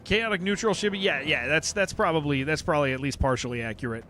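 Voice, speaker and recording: A game streamer with a fairly high voice talks in a loose, rambling way, circling back over his points with emphasis. He answers his viewers' chat messages as they come in. Faint music plays underneath. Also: quick pace, pushed and bright.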